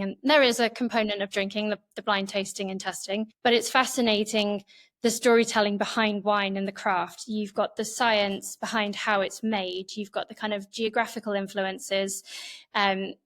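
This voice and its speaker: A woman speaks as an interview guest, laying out her points in long, orderly lists. Her delivery stays level, with little rise or fall in pitch. The tone is calm and conversational. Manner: measured, explains in long flowing lists.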